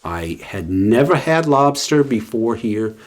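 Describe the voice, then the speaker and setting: A man's voice: mid-range voice, big pitch swings, slow pace. A man chatting casually to the camera in a rambling way, full of fillers and restarts. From West Coast of the US. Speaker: vlogger.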